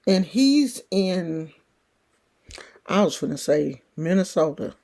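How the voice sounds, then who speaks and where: A woman's voice: fairly low pitch, big pitch swings, takes it slowly, vocal fry, mellow. Chatty woman with a country twang. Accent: California country twang. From California. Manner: chatty, rambling, folksy. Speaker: livestream host. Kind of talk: casual chat.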